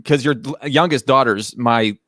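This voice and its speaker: A man's voice: mid-range voice, normal speed, fairly bright tone. A man hosting a casual live comedy chat, rambling with many fillers and restarts. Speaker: host. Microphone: remote live stream.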